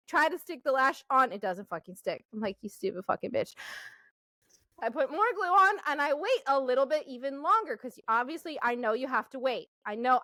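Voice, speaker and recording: A woman with a high voice tells a rambling story in casual podcast chat. She swears freely, laughs often and talks in an animated way. The sound is dry and close. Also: no room sound. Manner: animated, profanity-laced storytelling with frequent laughter. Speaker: podcast co-host.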